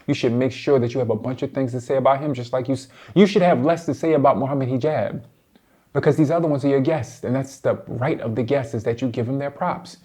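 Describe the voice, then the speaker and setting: A man giving heated reaction commentary, addressing his target directly with blunt, slangy lecturing that swings between low muttering and loud outbursts. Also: fairly even intonation, fast, husky. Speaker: commentator responding to a debate.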